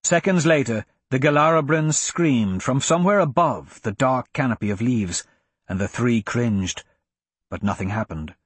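A man narrating a fantasy audiobook in an expressive storytelling manner. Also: medium pitch, normal speed, husky, dry recording.

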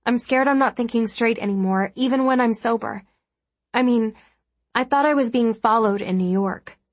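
A woman voicing an anxious, self-doubting woman flight attendant in a storybook reading, worried and halting. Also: on the high side, no echo, voice pushed up, close to an everyday voice.

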